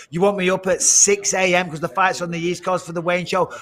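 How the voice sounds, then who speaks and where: A man's voice: high voice, steady tone, normal speed, few pauses, pushed and bright. A British man working as a fight analyst, trading mock-pompous teasing banter with his co-hosts over a video call. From Britain. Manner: boastful mock-pompous ribbing. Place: remote studio at home.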